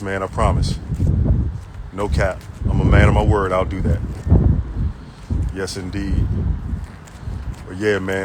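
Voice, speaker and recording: A man chatting casually with live-stream viewers in slangy talk while working on a roof. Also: fairly low pitch. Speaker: power washing contractor. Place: outdoors on a windy roof. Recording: wind and street noise outdoors.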